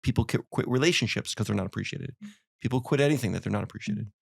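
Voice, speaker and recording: Man, podcast host, quick talker, casual chat, acts out quotes. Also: mid-range voice, vocal fry, breathy edge. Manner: fast, animated storyteller acting out quotes. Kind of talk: casual conversation.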